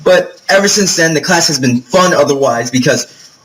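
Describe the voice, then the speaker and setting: Young guy from new york rambling to the camera, kinda high voice, swears a lot, lots of ums. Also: lively intonation, normal speed, a bit bright, a little hiss or hum, poor audio. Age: young adult. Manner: chatty, profane storytelling with lots of fillers. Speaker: vlogger. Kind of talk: casual vlog monologue.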